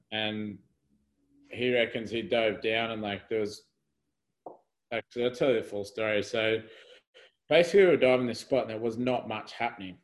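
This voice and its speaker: Rambling young man, low voice. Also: low-quality recording. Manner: rambling, filler-heavy, laughing through the story. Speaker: podcast guest, spearfisher. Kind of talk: casual storytelling in conversation.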